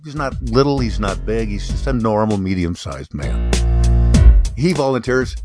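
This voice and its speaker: Man, comic storyteller, meandering and self-correcting, lively voice, faint music. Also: fairly low pitch, normal speed. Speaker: podcast co-host telling a joke.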